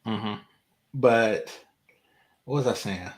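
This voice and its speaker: A man's voice: fairly low pitch, slow pace. A man co-hosting a casual reaction chat, talking loosely with many fillers. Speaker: co-host. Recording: roomy echo.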